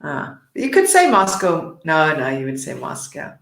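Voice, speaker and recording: A woman co-hosts a relaxed English lesson over a video call. She sounds upbeat and encouraging and stops to explain words. Her voice has a roomy echo around it. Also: low voice, moderate pace. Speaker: webinar co-host, English teacher. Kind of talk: casual online English lesson.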